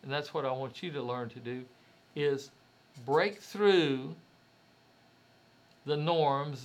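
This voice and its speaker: A man's voice: mid-range voice, slow, long pauses. A man giving a motivational talk, speaking directly to the listener in a conversational way and asking rhetorical questions.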